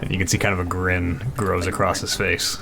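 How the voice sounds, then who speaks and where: A man running a tabletop game as dungeon master, explaining rules in a halting way with frequent restarts. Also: low-pitched, little pitch movement, gravelly, music in the background. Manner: halting, lots of uhs and restarts.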